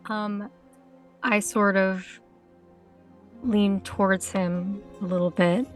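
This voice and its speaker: Female player, soft and unsure, light music in the background. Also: mid-range voice, fairly even intonation, slow pace. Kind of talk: in-character tabletop play.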